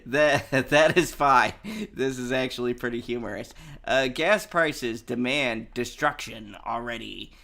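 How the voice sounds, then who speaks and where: A man hosting a casual livestream, reading the news in a slow, unhurried way and often breaking into laughter. His voice has a bright, forward edge, and he stumbles over words as he reads. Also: medium pitch, creaky. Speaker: livestream host. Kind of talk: casual chat reading headlines.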